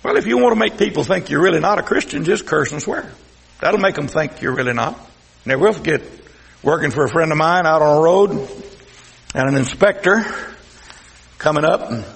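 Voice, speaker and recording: Brief: Texas-accented male pastor, folksy sermon, high voice, long hall reverb. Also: creaky. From South Texas. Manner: folksy preaching, swings from loud to hushed.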